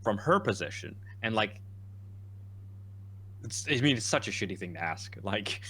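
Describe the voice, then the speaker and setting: Bright-voiced man chatting casually. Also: on the low side, unhurried. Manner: rambling, animated, quotes characters in lively bursts. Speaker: podcast co-host. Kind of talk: casual chat.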